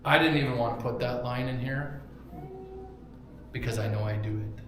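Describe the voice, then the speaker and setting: A male pastor preaching a casual, joking sermon in a church, with props and sudden bursts of loud emphasis. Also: medium pitch, moderate pace. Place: church sanctuary. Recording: very echoey room, faint background hum.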